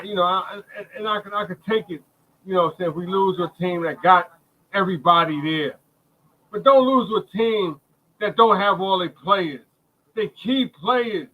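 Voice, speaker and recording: Hosting a basketball watch-along from Brooklyn, New York City, this middle-aged man talks straight to his viewers with heated, emotional commentary and frequent repetition. His voice is a little high, and the audio has a phone-quality sound.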